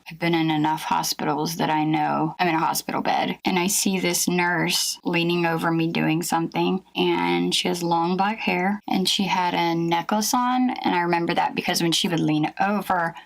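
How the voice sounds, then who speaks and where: A woman with a low, gravelly voice tells her own story as testimony. She speaks haltingly and emotionally, stopping to search for words with plenty of fillers. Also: fairly even intonation, low-quality recording. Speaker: guest recounting a near-death experience. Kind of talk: personal testimony.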